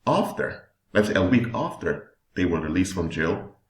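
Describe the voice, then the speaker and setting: Deep-voiced man preaching slowly. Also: sing-song, echoey room. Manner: slow, deliberate emphasis with drawn-out words. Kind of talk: sermon-style teaching.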